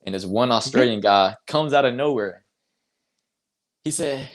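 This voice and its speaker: A man's voice: medium pitch, moderate pace, long pauses. A young man from North Carolina, a basketball player telling a story in a casual interview, acting out quotes and laughing.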